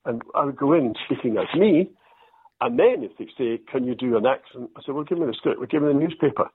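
An older Scottish man, an actor, telling self-deprecating stories in a relaxed interview. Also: medium pitch, quick pace, a little hiss or hum. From Scotland. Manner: storytelling, self-deprecating, quotes others in lively voices. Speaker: actor guest. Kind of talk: anecdotal interview chat. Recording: dry tinny phone-like line.

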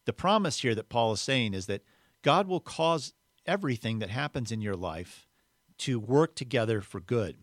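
A man's voice: mid-range voice, animated, normal speed, dry recording, clean studio sound. Earnest man preaching a casual sermon. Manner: earnest, conversational, acts out the quoted voices.

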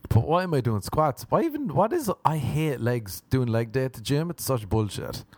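A man's voice: medium pitch, very animated, moderate pace, darkish tone, no echo. Profane, rambling man. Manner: profane, rambling, self-mocking, breaks into nonsense sing-song. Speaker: podcast host. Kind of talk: casual solo podcast monologue.

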